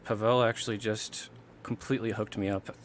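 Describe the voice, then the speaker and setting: A laid-back man speaking as a guest on a casual podcast, with a fairly low voice. A faint background noise sits under his easygoing talk. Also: flat delivery, brisk. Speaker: podcast guest, game collector. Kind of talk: casual chat.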